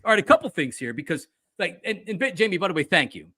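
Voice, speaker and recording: There's no room sound around this man's fast, high-sitting voice, which has a breathy edge. He's a podcast host and former sports radio host keeping a sports chat casual, acting out quotes in animated stories packed with fillers.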